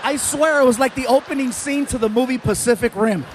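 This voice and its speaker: A male stand-up comedian spins a story on stage and slips in and out of the voices of the people in it. His voice sits high, and his delivery is animated. The stage mic picks up clear audience noise around him. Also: brisk. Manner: animated, acts out characters in voices.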